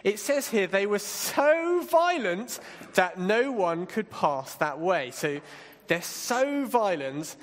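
A man leading an interactive Bible talk, playful and directing volunteers with quick asides. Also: sits high, big pitch swings, long reverb tail. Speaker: church leader giving a talk.

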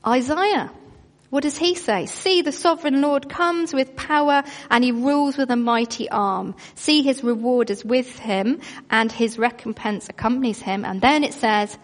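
Woman preacher, higher-pitched, emphatic sermon delivery, long hall reverb. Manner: emphatic, slows down on key phrases.

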